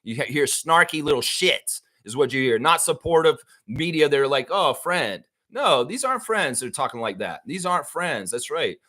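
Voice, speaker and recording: Heated Southern man ranting, bright voice. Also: on the high side, moderate pace, few pauses. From American South. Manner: heated, profane, animated ranting. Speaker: show host. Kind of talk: casual live-stream commentary.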